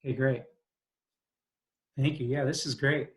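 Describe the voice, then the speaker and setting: A woman's voice: very deep voice, fairly even intonation, measured pace. A woman on a video call as a prospective buyer, giving short approving remarks and asking to see more.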